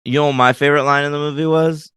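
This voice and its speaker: A man co-hosting a casual film review podcast, animated and laughing often as he pokes fun at movie lines. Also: on the high side, racing, clear, resonant tone, no room sound. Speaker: podcast co-host.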